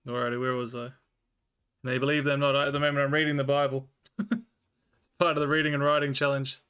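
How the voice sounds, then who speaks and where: An Australian man livestreaming, chatting casually with viewers and slowly reading old scripture aloud. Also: mid-range voice, level tone, pushed and bright, clean tone. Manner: laid-back, chatty, reads old scripture slowly and carefully.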